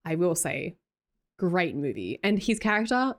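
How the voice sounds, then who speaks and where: A woman's voice: sing-song, unhurried. A young Australian woman streaming live, chatting casually, reading out and answering her chat and laughing often. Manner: chatty, laughs often, breaks into high squeals.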